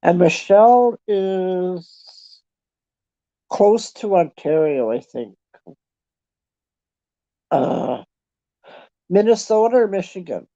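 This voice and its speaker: A Canadian woman in a casual chat, talking in a chatty, self-deprecating way and thinking out loud. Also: on the low side, expressive, slow, pauses often, no echo. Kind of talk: casual chat with online viewers. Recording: dull lo-fi sound.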